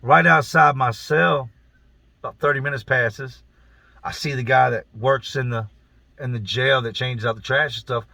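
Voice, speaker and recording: A man recounts his own story in an easy, first-person way, blunt and salted with profanity and slang. His voice is gravelly with a sharp, forceful edge. The sound is dry and close, with no room around it. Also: mid-range voice, fairly even intonation, normal speed, no echo.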